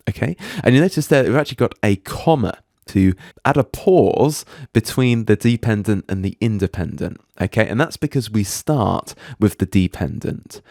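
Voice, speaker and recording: A man with a fairly low voice gives a recorded lecture over slides, taking his time and reading each example sentence out slowly and with care. The sound is dry and close, with no room around it. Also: expressive, a little mellow, dry recording. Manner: patient, explains slowly, reads examples aloud deliberately. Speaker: teacher.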